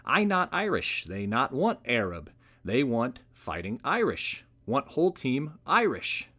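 A man's voice: medium pitch, wildly swooping pitch, unhurried, sharp tone, exaggerated voice. A man voicing a scrawny, sulky young prince who speaks in clipped, broken phrases. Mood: aggrieved.

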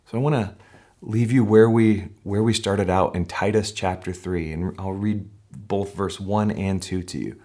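Man, pastor, sermon, earnest, fairly low voice, builds to excited emphasis. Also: measured pace.

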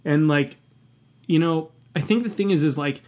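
A man's voice: on the high side, normal speed, darkish tone. A man talking candidly in a podcast conversation, passionate and emphatic, swearing often and reflecting earnestly on his own past.

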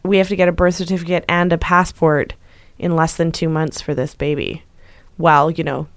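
A woman's voice: deep voice, fairly quick, dry recording, studio quality. A woman co-hosting a podcast in casual chat, laughing often as she tells stories. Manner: laughs a lot, animated storytelling. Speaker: podcast co-host.

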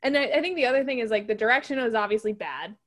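A woman's voice: fairly high pitch, lively intonation, rapid-fire, a bit bright. A young woman co-hosting a casual podcast, recapping a movie with sarcastic jokes and giggles. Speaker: podcast co-host.

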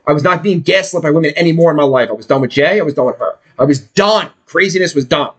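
A man's voice: on the high side, quick pace, slightly rough. A man hosting a podcast, telling a rambling, profane story in casual chat and swearing freely. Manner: animated, swearing, puts on voices for people he quotes. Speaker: podcast host.

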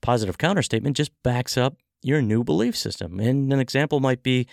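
A man hosting a podcast for sales professionals, telling stories with acted-out dialogue and coaching in a lively, motivational way. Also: mid-range voice, brisk, gravelly, hardly any pauses, no room sound, clean studio sound. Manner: animated storytelling, acting out dialogue.

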